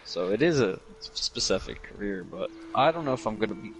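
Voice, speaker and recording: A young man chatting as a guest, relaxed and halting, with stammering restarts. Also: lowish voice, a little hiss or hum. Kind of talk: casual chat.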